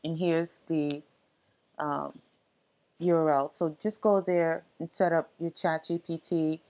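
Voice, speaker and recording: A woman presenting a screencast software tutorial, explaining setup steps casually with frequent ums and uhs. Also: sits low, steady tone, takes it slowly, highs cut off.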